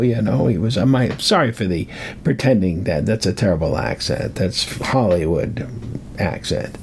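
A man's voice: lowish voice, lively intonation, moderate pace, vocal fry, husky. An older man telling a rambling personal story, repeating words for emphasis. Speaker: speaker on metaphysics.

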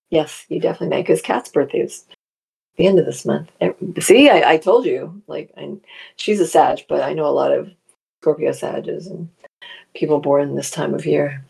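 A woman's voice: sits low, normal speed, vocal fry, warm tone, husky. A middle-aged woman hosting a casual live chat, reading viewer comments aloud and laughing often.

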